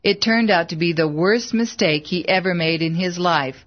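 A woman reading a life story aloud in measured, scripted audiobook narration. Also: on the low side, dull audio.

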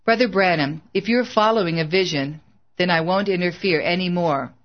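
A man's voice: high voice, moderate pace, highs cut off, natural voice. A narrator voicing a worried male ministry manager who talks cautiously and persuasively.

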